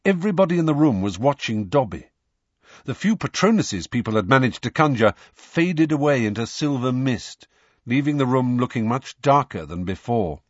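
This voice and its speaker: A man narrates a story with lively, varied intonation and a husky, breathy tone. The recording is dull and lo-fi, with a dry, close sound. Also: mid-range voice, moderate pace, no echo. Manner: animated storytelling reading. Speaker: audiobook narrator. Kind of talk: scripted narration.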